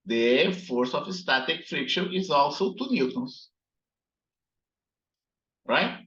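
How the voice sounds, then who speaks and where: A man teaching a physics class, slowly explaining while working on slides and often checking in with "right?". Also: a little high, lively intonation, fairly bright tone. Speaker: physics instructor. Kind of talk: recorded classroom lecture. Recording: echoey, dull lo-fi room sound.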